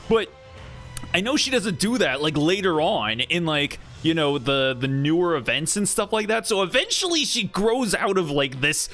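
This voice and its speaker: A man streams a game and talks through it in a rambling, sarcastic way, laughing often. His voice is bright and forceful, and he speaks at an unhurried pace while faint music plays underneath. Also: fairly high pitch, sing-song. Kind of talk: casual gameplay commentary.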